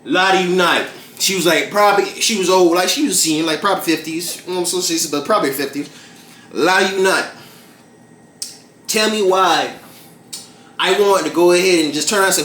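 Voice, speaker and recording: Young male cooking vlogger, slightly high voice, rambling and profane, echoey kitchen with faint music behind. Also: a little fast, fairly bright tone, a little hiss or hum. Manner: rambling, profane, fillers like "like" and "bruh". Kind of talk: casual cooking vlog with storytelling. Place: home kitchen. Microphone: camera mic. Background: background music.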